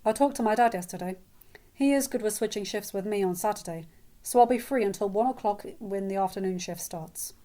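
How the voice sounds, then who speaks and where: A woman voicing a friendly, easygoing teenage boy in a fan fiction reading, speaking in a relaxed, matter-of-fact way. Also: mid-range voice, fairly quick, close to an everyday voice. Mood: casual.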